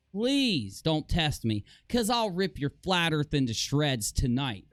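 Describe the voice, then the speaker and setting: A man live streaming, talking casually to his chat with a sarcastic, animated manner and frequent self-mocking laughs. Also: a little high, no room sound.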